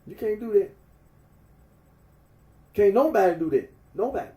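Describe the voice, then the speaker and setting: High-pitched man ranting in an echoey room. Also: sing-song, moderate pace, dark tone. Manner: repetitive, emphatic, scolding. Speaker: vlogger. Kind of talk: ranting monologue. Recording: echoey room, far from mic.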